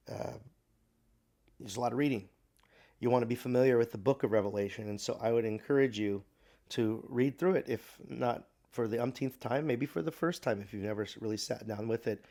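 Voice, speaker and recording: A man teaching a recorded Bible class, speaking thoughtfully with pauses, restarts and fillers. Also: lowish voice, darkish tone.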